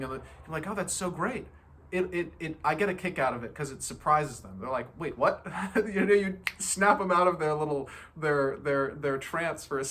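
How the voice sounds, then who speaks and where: His voice sits a little high with a fairly bright tone, and there's a little hiss or hum. He's a spiritual self-help speaker giving a casual, playful motivational talk about feeling good, often laughing and mimicking other people.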